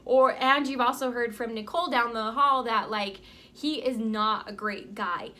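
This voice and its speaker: Bright, high-voiced chatty woman life coach. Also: unhurried. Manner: upbeat and chatty, with frequent "like" and "right?". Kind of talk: motivational vlog storytelling.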